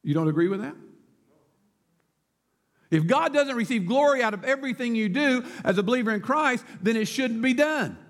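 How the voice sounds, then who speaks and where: A man's voice: very high voice, animated, normal speed, pauses often. A male pastor preaching a sermon, emphatic and declamatory, firing rhetorical questions, with long church reverb.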